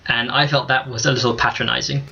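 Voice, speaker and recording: A man co-hosting a casual gaming chat, measured and thoughtful, pausing as he picks his words. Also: medium pitch, little pitch movement, creaky, bright, forceful tone, husky. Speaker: co-host in a gaming discussion. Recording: dull lo-fi sound.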